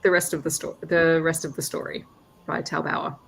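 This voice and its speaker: A woman's voice: low voice, flat delivery, moderate pace, gravelly, fairly bright tone, slight background noise. A woman co-hosting a casual live video chat, talking in an emphatic, insistent way. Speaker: co-host. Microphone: video call.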